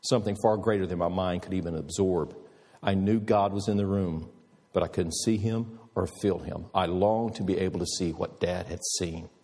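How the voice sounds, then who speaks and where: A man's voice: low voice, steady tone, moderate pace, darkish tone. A man preacher telling a moving story in an earnest sermon, ending with a pleading appeal. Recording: reverberant hall.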